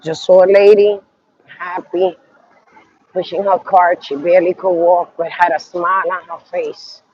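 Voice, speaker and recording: Congested high-voiced man on a phone live. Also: level tone, a little slow, darkish tone, slightly rough, muffled recording. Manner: rambling, talks to viewers, trails off. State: congested from sinus trouble. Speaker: live streamer. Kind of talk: casual rambling live stream. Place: outdoors walking a city street.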